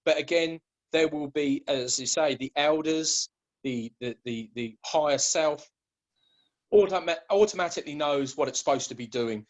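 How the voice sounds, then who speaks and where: A man's voice: on the high side, normal speed, rough recording. A man in casual conversation as a guest, rambling, with many restarts and repeated words.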